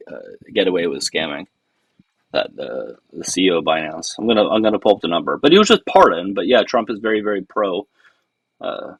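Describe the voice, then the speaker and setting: A man's voice: fairly low pitch, fairly bright tone, breathy edge, no echo, rough recording. A man hosting a casual political livestream, sarcastic and mocking as he talks to his chat. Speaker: livestream host.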